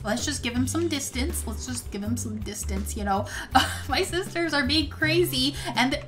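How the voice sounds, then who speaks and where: A woman's voice: sits high, lively intonation, a little slow, a bit bright, soft background music. A woman hosting a game role-play video, playing a kid and reacting dramatically with gasps and exclamations. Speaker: gaming channel host.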